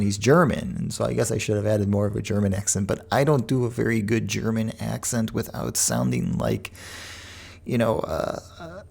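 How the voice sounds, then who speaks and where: A man's voice: on the low side, creaky, a little mellow, breathy edge. A man hosting a podcast, talking in a rambling, digressive way with frequent restarts. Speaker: podcast host. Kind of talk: casual monologue.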